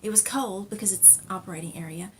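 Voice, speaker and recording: A woman's voice: mid-range voice, a little fast, a little hiss or hum. A middle-aged woman hosting a knitting podcast, telling a personal story in a chatty, rambling way with fillers and laughs.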